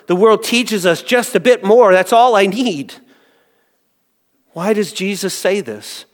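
A man preaching a sermon, swinging from hushed lines to loud exclamations. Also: sits high, takes it slowly, in a large hall. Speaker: pastor.

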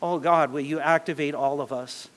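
A man preaching a sermon as pastor, animated and acting out quotes to his congregation. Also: a little high, moderate pace, long reverb tail.

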